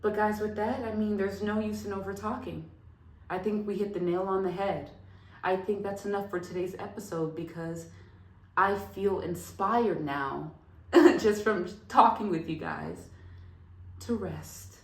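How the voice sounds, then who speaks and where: A woman hosting a casual self-help vlog, talking straight to her viewers with lively, affirming energy and frequent laughter. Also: medium pitch, moderate pace. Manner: animated, laughs often, affirming. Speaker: vlog host. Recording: roomy echo.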